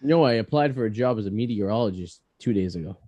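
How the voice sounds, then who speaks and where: Man, Boston accent, podcast host, joking banter, mellow tone, dry sound. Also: on the low side, animated, quick pace, no room sound, muffled recording. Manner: joking, self-mocking banter. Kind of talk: casual podcast interview.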